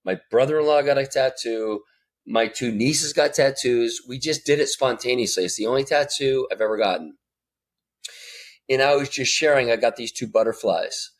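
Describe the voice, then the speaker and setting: A man's voice: medium pitch, normal speed. A man in his forties, a podcast guest, telling a candid personal story and swearing freely as he grows emotional. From United States.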